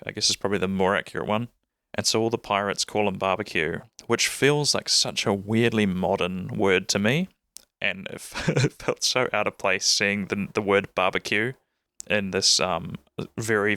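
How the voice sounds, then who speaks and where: A man's voice: lowish voice, creaky, sharp tone, clean tone, dry recording, studio quality. A man with a New Zealand accent hosting a podcast, chatting in a rambling, enthusiastic way with plenty of fillers. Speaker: podcast host. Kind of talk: casual chat.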